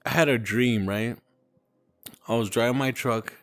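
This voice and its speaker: A man's voice: medium pitch, a little slow, fairly bright tone. A man hosting a podcast, tipsy from drinking, telling a story in a loose, swearing, emotional way. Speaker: podcast host. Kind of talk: casual chat.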